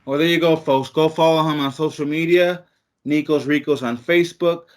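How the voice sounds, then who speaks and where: A man hosting a wrestling podcast, asking closing questions and plugging the show in a relaxed, casual way. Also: a little high, normal speed. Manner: relaxed, brief reactions and wrap-up plugs. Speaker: podcast host.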